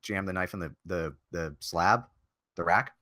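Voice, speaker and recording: A man playing a tabletop game, asking the game master eager, animated questions. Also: sits low, a little slow. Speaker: player. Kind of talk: tabletop role-play.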